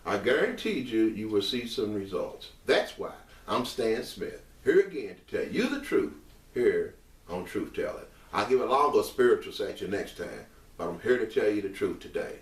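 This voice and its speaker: A man delivering an impassioned monologue straight to camera, emphatic and repetitive, rising to raised outbursts and settling into earnest quieter stretches. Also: fairly low pitch, sing-song, moderate pace, distant mic. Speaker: online commentator. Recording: echoey room, mic set back.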